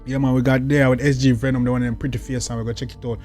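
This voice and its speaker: A young Jamaican-accented man reacts to music in casual commentary, his medium-pitched voice level, rapid-fire and somewhat dark. He's slangy and talkative, full of catchphrases, repeating "you see me" and "dog" and breaking into outbursts. Faint music plays behind him.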